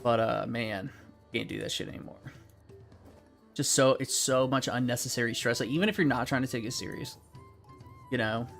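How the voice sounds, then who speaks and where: A man's voice: medium pitch, normal speed, gravelly, long pauses, fairly bright tone, faint music behind. A young man streaming a game, chatting casually with friends and chat in a rambling, profane, laid-back way.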